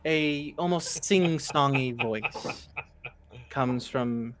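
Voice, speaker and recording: A man's voice: medium pitch, drawn-out words, very noisy. A man narrating as game master of a tabletop game, describing scenes loosely with many fillers.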